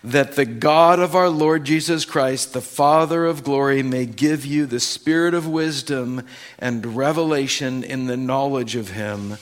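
A man pastor giving a sermon and telling a story in a warm, conversational way to his congregation. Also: medium pitch, unhurried.

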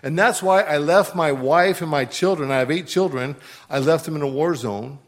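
A middle-aged man giving a heartfelt testimony in church as a missionary, halting and restarting as he speaks. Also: fairly high pitch.

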